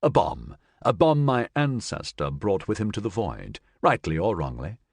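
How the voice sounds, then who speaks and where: A grave aristocratic captain, measured in speech, as a narrator plays him in an audiobook. The voice is low with a lively lilt, dry and close. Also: male voice, dry recording.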